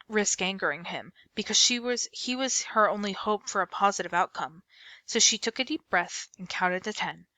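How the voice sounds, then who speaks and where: A woman reading a middle-grade novel aloud in an expressive storybook manner. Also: mid-range voice, no room sound. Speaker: book reader.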